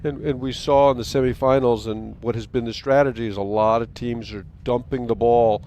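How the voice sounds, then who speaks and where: A man doing sports commentary, recounting a team's recent results in a measured way. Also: medium pitch, steady tone, darkish tone, dull audio, slight background noise. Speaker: play-by-play commentator.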